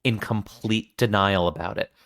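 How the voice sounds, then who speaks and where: A man's voice: lowish voice, moderate pace, gravelly, a bit bright. A man hosting a film podcast, agreeing often and chatting casually. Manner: agreeable, frequent backchannel affirmations. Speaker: podcast host.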